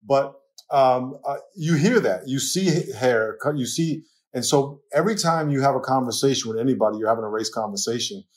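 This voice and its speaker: This older guest, a pastor with a New York accent, fills a podcast interview with vivid stories, quick laughter and small performed quotations. His pitch is ordinary mid-range for a man, with a slightly mellow quality.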